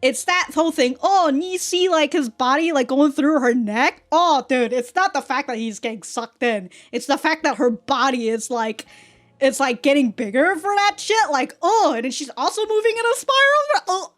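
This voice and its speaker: A woman hosting a casual anime reaction, excitable and profane, often laughing. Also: high voice, moderate pace.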